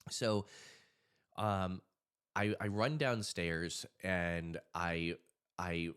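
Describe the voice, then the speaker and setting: A man's voice: low-pitched, extremely slow, clean tone. A man who works as a hypnotist and anxiety coach tells a story to camera in a casual way, then gives advice, acting out the voices of people in the story. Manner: animated storyteller, acts out quoted voices.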